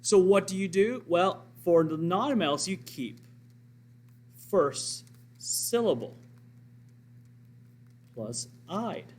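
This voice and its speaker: Guy teaching chemistry, pitch jumps all over, kinda high voice, walks thru each step. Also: animated, a little slow, hardly any pauses. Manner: explanatory, step-by-step, asks and answers own questions. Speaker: science teacher. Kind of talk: recorded classroom lesson.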